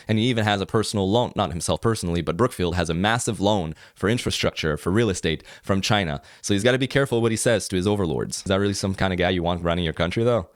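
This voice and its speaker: A man's voice: low voice, dry recording, studio quality. A man with a French-Canadian accent hosting a political commentary show, talking in a sarcastic, mocking monologue.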